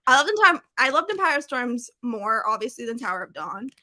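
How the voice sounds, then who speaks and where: A woman's voice: on the high side, big pitch swings, a little fast, pushed and bright, dry recording. A young woman as a guest on a casual livestream book discussion, gushing and emphatic. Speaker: booktube guest.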